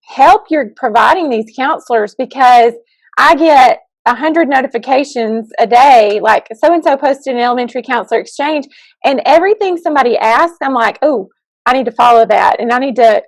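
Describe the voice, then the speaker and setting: A woman co-host speaks over a video call in a somewhat high voice with a dry, close sound. She is enthusiastic and effusive, and playfully teasing. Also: lively intonation, normal speed, no room sound, poor audio. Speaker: co-host, school counselor. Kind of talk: casual interview chat.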